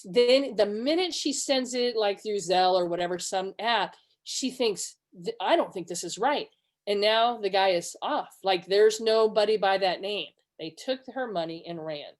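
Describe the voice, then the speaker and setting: A woman's voice: unhurried, hardly any pauses. A middle-aged woman presenting a webinar, teaching conversationally with personal stories and acting out quoted dialogue. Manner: earnest, acts out quoted dialogue with lively pitch jumps.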